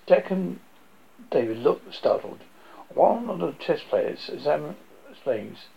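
A man's voice: on the high side, sing-song, slow pace, vocal fry, slight background noise. A man narrating as he reads a film script aloud, stumbling and correcting himself as he goes. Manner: stumbling, self-correcting reading. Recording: dull lo-fi recording.

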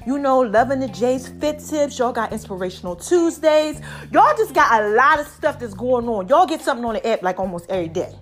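A woman hosting her podcast in a casual, animated monologue, a little short of breath and calling her listeners baby. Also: on the high side, brisk, hardly any pauses, faint music behind. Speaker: podcast host.

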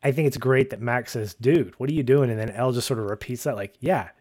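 A man's voice: mid-range voice, quick pace, darkish tone, no room sound, clean studio sound. A man co-hosting a podcast, recapping a TV episode in a chatty, casual way, laughing often and acting out quotes. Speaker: podcast co-host.

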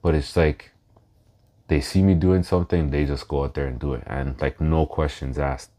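Man, very low voice, podcast host, unhurried, pauses often, heartfelt. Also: steady tone, dark tone. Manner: slow and reflective, pauses to gather thoughts; emotional, laughs through his words. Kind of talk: casual solo podcast talk.

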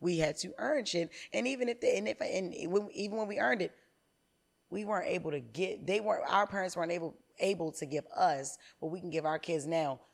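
A woman in her thirties, a comedian guest on a podcast, telling candid stories in an animated, profane way. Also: lowish voice, a little fast, vocal fry.

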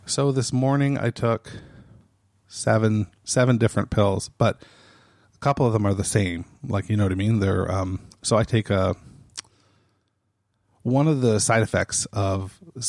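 A man's voice: lowish voice, darkish tone, dry recording, studio quality. A man hosting his own podcast, talking casually and off the cuff, often laughing and restarting his phrases. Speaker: podcast host.

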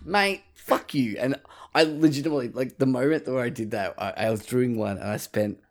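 A man's voice: medium pitch, fast talker, a little mellow. A man co-hosting a podcast in casual chat, swearing freely and acting out his own reactions. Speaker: podcast co-host.

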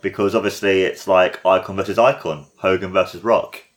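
A man with a lowish voice, hosting a casual watchalong. He gushes and gets excited, and his sentences run on with "like" and "you know". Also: moderate pace. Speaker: podcast host.

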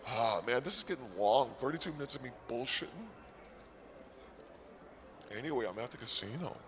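A man's voice: mid-range voice, lively intonation, quick pace, noisy background. Sarcastic rambling man at a casino. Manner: sarcastic, self-mocking, mock-boastful. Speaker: comedy podcast host. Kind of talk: rambling comedic monologue.

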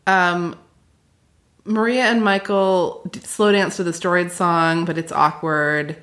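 A woman's voice: on the low side, fairly even intonation, slow pace, fairly bright tone. A woman co-hosting a casual book podcast, who talks in a chatty, wry way and reads passages aloud. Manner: chatty and wry, with frequent laughs. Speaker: podcast co-host.

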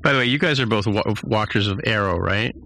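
A man's voice: lowish voice, fast talker, gravelly, pushed and bright, dry recording. A man co-hosting a podcast who chats casually and keeps checking with the others by asking "right?". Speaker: podcast co-host. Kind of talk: casual chat.

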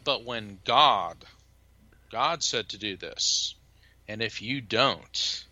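A man who is a guest in an interview, talking as a lively, emphatic storyteller. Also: on the low side, takes it slowly, dry recording. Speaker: psychic medium and lawyer, guest. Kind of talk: interview conversation.

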